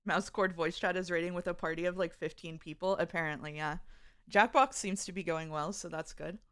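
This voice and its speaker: A woman's voice: fairly low pitch, fairly even intonation, a little fast, a bit bright, clean tone. A woman streamer chatting casually with her viewers, reading out their messages and laughing often. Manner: reads chat aloud, chatty and giggly. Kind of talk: casual live-stream chat.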